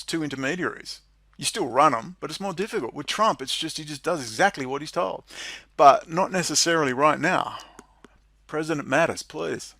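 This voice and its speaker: A man's voice: normal speed, sharp tone, no echo. Sarcastic man ranting over a document. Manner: sarcastic, swings into high mocking laughter. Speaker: political commentary vlogger.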